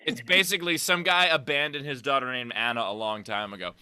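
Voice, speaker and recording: A man's voice: medium pitch, steady tone, brisk, pushed and bright, clean tone, dry recording. A man hosting a comedy show over a video call, playful and joking, often laughing. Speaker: host.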